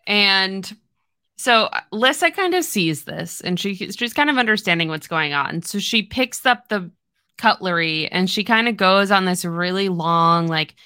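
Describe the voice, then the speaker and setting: A woman co-hosting a book podcast in a relaxed, casual chat. Her voice is bright and forward, recorded close and dry. She retells scenes eagerly, filling them with "like" and little acted-out lines. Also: mid-range voice, a little slow, clean tone, no echo. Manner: animated retelling of scenes, lots of "like".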